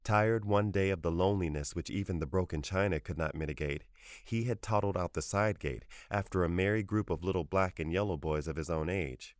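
A man giving a measured, scripted narration of a short story. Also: deep voice, no room sound, studio quality. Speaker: audiobook narrator.

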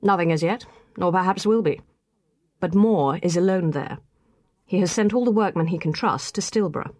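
A woman's voice: on the low side, moderate pace, a little mellow, no echo, close to an everyday voice. Woman playing a commanding middle-aged male parson, brusque, chiding, audiobook reading, dry close sound. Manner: brusque, chiding like a veteran officer.

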